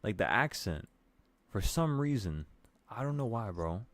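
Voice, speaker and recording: A man's voice: lowish voice, unhurried, no room sound. A man hosting a casual late-night trading stream, walking through charts in a loose, offhand way and swearing now and then. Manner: relaxed, swearing, talks to viewers with "bro".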